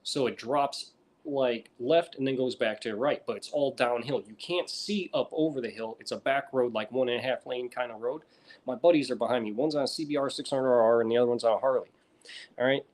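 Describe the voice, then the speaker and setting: An American man in casual chat, swearing constantly and telling stories with animated energy. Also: mid-range voice, fairly quick. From United States. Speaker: reptile breeder streamer.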